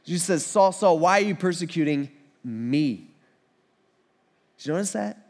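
High-voiced casual preacher. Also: male voice, normal speed. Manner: casual, animated, conversational preaching. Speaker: pastor. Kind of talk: sermon.

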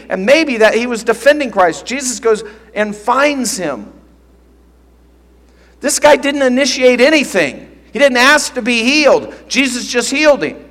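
A man's voice: very high voice, a bit bright. A man preaching a sermon as pastor, teaching earnestly and emphatically, often repeating phrases. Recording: long reverb of a large hall.

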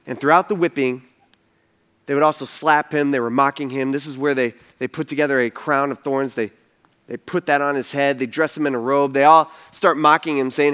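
A man's voice: medium pitch, fairly even intonation, a little fast, a bit bright, clean tone. A man preaching, retelling a story vividly and casually, with fillers. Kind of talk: storytelling sermon.

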